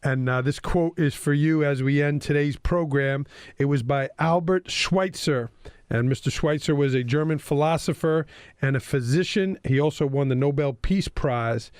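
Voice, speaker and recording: A man hosts a casual interview podcast, his voice sitting a little higher than most men's. He talks in a friendly way with plenty of uh fillers, recorded dry and close with no room sound. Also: normal speed, a little mellow, clean tone, no room sound. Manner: friendly, filler-heavy with frequent uh. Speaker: podcast host and school principal.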